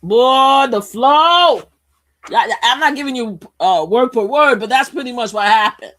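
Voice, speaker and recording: A woman's voice: a little high, fairly quick. A woman hosting a live stream who tells a story in a rambling, gossipy way, with swearing and frequent lost threads. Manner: rambling and gossipy, swears, loses her train of thought. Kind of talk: casual storytelling commentary.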